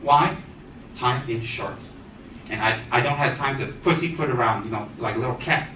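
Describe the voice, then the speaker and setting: A man giving a dharma talk as a Buddhist teacher, animated and teasing, rattling off long lists. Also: mid-range voice, moderate pace, slight background noise. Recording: echoey room, distant dull mic.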